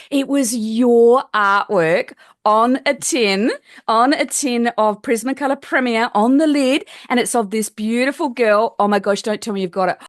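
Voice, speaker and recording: A woman's voice: fairly high pitch, dry recording, clean studio sound. A woman hosting an interview podcast, chatting casually and speaking with effusive enthusiasm. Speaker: podcast host.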